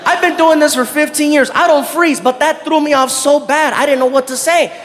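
A male stand-up comedian telling a story live on a theater stage, animated, shouting punchlines and laughing along. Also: very high voice, fairly quick. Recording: live hall with crowd noise.

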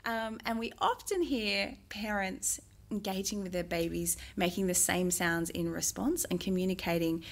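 Gentle woman explaining calmly. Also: medium pitch. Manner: gentle, measured, frequent "um" pauses. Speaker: music therapist. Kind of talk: explanatory interview answers.

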